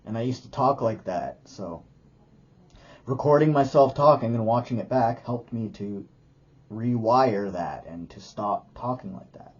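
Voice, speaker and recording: A man talks to camera about his yoga practice in a dark, husky voice, rambling loosely and restarting his thoughts. The sound is dull and muffled. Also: medium pitch. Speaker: yoga teacher and video creator. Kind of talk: casual talk to camera.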